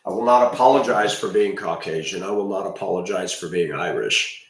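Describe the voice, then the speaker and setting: A man's voice: sits low, brisk, distant mic. Man in his fifties, echoey and off-mic. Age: 50s. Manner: emphatic and rambling, with repeated restarts. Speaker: video commentator. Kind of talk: ranting monologue.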